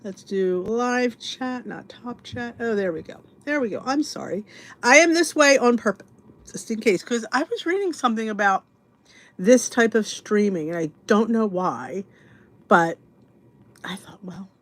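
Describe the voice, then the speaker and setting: Chatty woman hosting a livestream, higher voice, rambling and scattered. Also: expressive, unhurried. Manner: chatty, scattered, talks to herself while setting up. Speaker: podcast host. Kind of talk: casual livestream chat.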